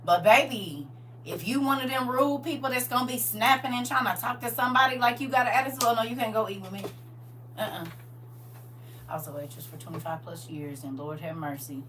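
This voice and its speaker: A woman's voice: a little high, a little fast, a bit bright. A middle-aged woman hosting a livestream, chatting casually and emphatically and laughing often. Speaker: livestream host. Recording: distant mic with faint hum.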